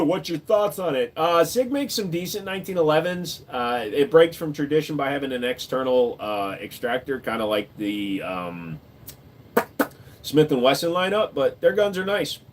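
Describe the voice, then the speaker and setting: Man, livestream host answering chat, relaxed and jokey, casual swearing. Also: mid-range voice. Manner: laid-back, joking, swears casually, lots of "uh" and "dude".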